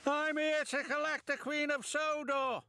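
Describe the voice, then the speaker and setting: A man's voice: very high-pitched, flat delivery, a little slow, pushed and bright, a little hiss or hum, pitched above the performer's own voice, heavily acted. James, a vain proud engine , as a man puts him on. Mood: eager. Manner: boastful, haughty. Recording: music playing behind.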